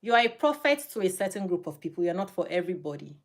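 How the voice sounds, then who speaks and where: A middle-aged woman speaking as an interview guest, talking emphatically and laughing often, with her voice jumping high when she gets animated. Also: rapid-fire. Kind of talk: emphatic casual interview talk.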